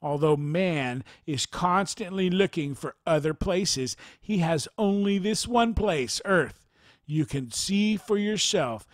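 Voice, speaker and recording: Man, narrator, formal measured reading, fairly high voice, dry close sound. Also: lively intonation, no echo. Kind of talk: scripted narration of a near-death account.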